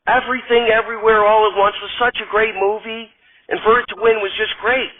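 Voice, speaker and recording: A man voicing a sweet, bubbly female comedian, speaking in a breathy falsetto. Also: little pitch movement, fairly quick, lightly acted. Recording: tinny distant phone-like sound.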